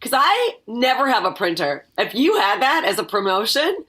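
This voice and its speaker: A woman's voice: a little high, big pitch swings, normal speed, a bit bright. A woman comedian chatting as a guest, telling stories in a brash, profane way. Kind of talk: casual podcast chat.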